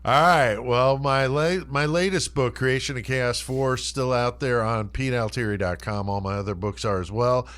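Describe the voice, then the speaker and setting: A man with a mid-pitched, everyday voice hosts a podcast in a relaxed way. He reacts to his co-hosts with short remarks and talks through announcements casually. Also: normal speed, hardly any pauses. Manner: laid-back, brief reactions. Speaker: podcast host and author.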